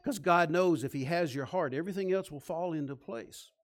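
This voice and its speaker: Man preaching a sermon in a higher voice. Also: a little fast. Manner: storytelling, emphatic preaching with listed points. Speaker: pastor.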